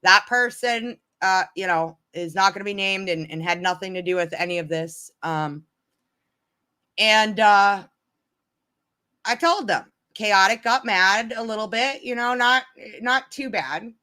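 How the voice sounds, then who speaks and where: A woman's voice: medium pitch, measured pace, pushed and bright, clear, resonant tone. A woman chatting casually to her viewers, telling a story in a rambling way, with many restarts.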